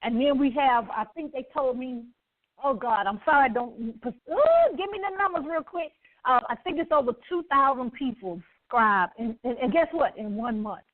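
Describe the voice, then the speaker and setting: A woman's voice: sits high, animated, normal speed. A woman with a Southern US accent hosting an inspirational radio show, exuberant and preacherly, tossing call-and-response questions to her listeners. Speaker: radio host. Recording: tinny phone-like line.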